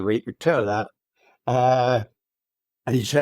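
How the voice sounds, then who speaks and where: A hundred-year-old man recounting his wartime memories as an interview guest, speaking in a halting, unhurried way with many fillers. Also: medium pitch, darkish tone, no echo. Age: 100. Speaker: RAF veteran guest.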